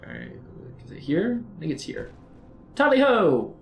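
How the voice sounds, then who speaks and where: A man's voice: on the high side, wildly swooping pitch, brisk, creaky, darkish tone, soft background music. A man commenting on his playthrough, playfully slipping into a put-on folksy rural drawl. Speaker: gaming video creator. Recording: roomy echo, faint background noise.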